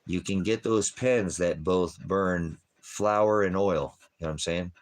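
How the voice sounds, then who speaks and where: A man's voice: low voice, a little slow. A man who preaches for a small ministry, talking in a rambling, off-the-cuff livestream style, breaking off to talk to his dog. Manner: meandering, jokey, talks to his dog between points.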